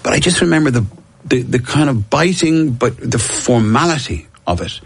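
A man's voice: medium pitch, lively intonation, normal speed, breathy edge. A middle-aged Irish man telling long rambling stories in casual chat, with lots of restarts and chuckles. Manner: rambling storyteller, many restarts and laughs.

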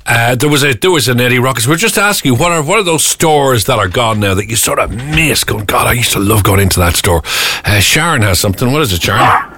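A man's voice: mid-range voice, lively intonation, bright, forceful tone, no echo. A man with an Irish accent hosting a breakfast radio show, chatty and jokey as he takes listener calls. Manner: chatty, jokey, quick-talking. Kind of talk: casual radio chat taking listener calls.

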